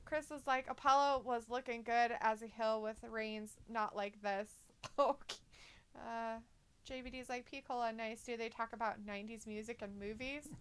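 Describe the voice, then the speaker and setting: A woman's voice: a little high, steady tone, normal speed, clear, resonant tone. A woman co-hosting a casual live stream, reading viewer comments aloud, giggling often and teasing her co-host. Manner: giggly, laughs often between remarks. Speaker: co-host of a live wrestling watch-along stream.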